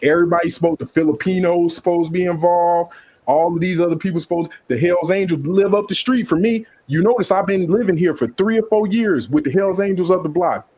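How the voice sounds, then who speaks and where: A fairly high-pitched man rants in a heated, profane, boastful way. He talks loosely as a panelist on a live stream. The audio is dull and lo-fi. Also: a little fast, darkish tone. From South Side of Chicago. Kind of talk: casual chat, ranting.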